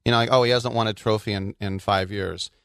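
A man from the Bay Area co-hosting a soccer podcast, chatting casually and telling animated stories with frequent laughs. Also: on the low side, brisk, clear, resonant tone, dry recording, clean studio sound. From Bay Area, California. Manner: animated storyteller, laughs often. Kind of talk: casual sports chat.

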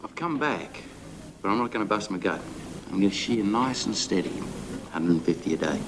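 A man's voice: lowish voice, expressive, moderate pace, natural voice. An actor playing a boastful working shearer man with an Australian accent, talking in a swaggering, insistent way. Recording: film clip with background noise.

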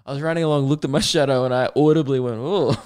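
Smooth-voiced Australian man rambling and laughing. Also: mid-range voice, fairly even intonation, racing, a little mellow. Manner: rambling, laughs often, swears freely. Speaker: podcast host. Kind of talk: casual solo podcast monologue.

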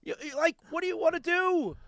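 High-pitched blunt sports radio man. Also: a little fast, fairly bright tone, dry recording, studio quality. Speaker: sports talk co-host.

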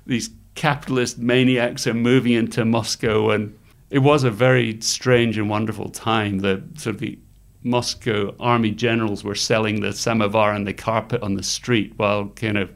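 Man, gravelly low voice, animated storyteller, chuckles a lot. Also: moderate pace, hardly any pauses. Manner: animated anecdotes, laughs often, acts out quoted voices. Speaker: interview guest, screenwriter. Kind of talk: storytelling in conversation.

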